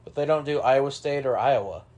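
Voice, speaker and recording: A man's voice: mid-range voice, a little mellow. A man co-hosting a podcast, chatting casually about sports in a teasing way. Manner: teasing and quick to object. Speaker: podcast co-host.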